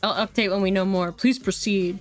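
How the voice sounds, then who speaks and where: A woman voicing a businesslike police commissioner in a game, giving orders in a brisk way. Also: medium pitch, fairly even intonation, soft background music, natural voice. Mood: briefing.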